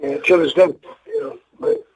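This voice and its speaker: A man's voice: fairly high pitch, wildly swooping pitch, moderate pace, slightly rough, rough recording. An older man, a retired wrestler, telling rambling, profane, emotional stories in a casual interview. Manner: rambling, profane, emotional storyteller who acts out voices.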